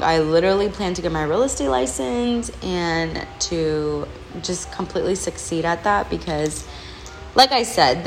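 A young woman hosting a podcast, talking candidly and rambling about her hectic life while in back pain. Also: lowish voice. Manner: candid, rambling, frequent "like" and "literally". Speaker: podcast host. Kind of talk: casual venting monologue. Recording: poor mic with faint background hiss.

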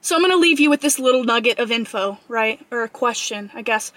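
A woman's voice: on the high side, lively intonation, a bit bright, no room sound. A young woman giving an earnest, emphatic motivational talk to camera as a fitness vlogger. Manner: earnest, emphatic, acts out an inner voice in quick asides.

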